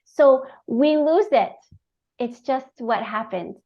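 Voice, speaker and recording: Slow-talking woman podcast host. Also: sits high, muffled recording. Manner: warm, affirming, laughs often. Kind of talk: casual interview chat.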